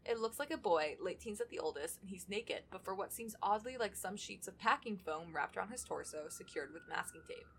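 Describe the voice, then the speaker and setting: A woman's voice: medium pitch, animated, brisk, few pauses, a little hiss or hum. Chatty woman podcaster reading fan fiction. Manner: chatty, laughs often, swears casually. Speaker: podcast co-host. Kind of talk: casual chat and reading fan fiction aloud.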